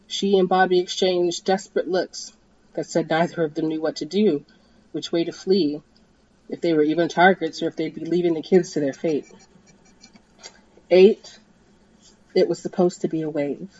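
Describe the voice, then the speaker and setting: A woman reading a tense story aloud, her voice rising to shouts in the dramatic scenes. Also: lowish voice, steady tone, normal speed, no room sound, highs cut off. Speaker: podcast host and story reader.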